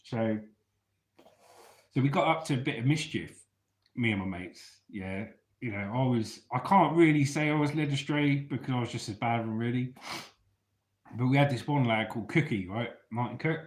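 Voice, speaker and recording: A man's voice: mid-range voice, moderate pace, reverberant. A man from England, telling stories casually in a chatty, laddish way and swearing freely. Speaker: storyteller host. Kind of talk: casual storytelling.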